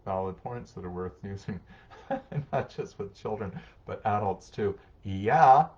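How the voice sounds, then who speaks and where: A man's voice: fairly low pitch, lively intonation, a little slow, muffled recording. A middle-aged man, a social worker, giving casual parenting advice and answering viewer comments. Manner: warm, conversational, acts out short parent-child exchanges. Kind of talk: live-streamed advice talk reading comments.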